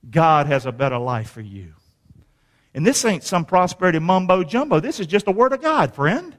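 A man preaching a sermon, quizzing the congregation and rising to shouts at the peaks. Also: a little high, expressive, moderate pace, big-room sound. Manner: preaching with call-and-response questions to the congregation; rises to shouting at climaxes. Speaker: pastor.

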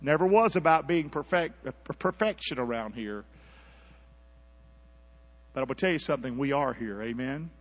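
A male preacher giving a sermon in a folksy manner, coaxing the congregation to repeat lines with him, moving between hushed asides and loud, rising calls. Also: medium pitch, expressive, moderate pace, pauses often. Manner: call-and-response, coaxing the congregation to repeat along. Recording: dull lo-fi recording with mains hum.

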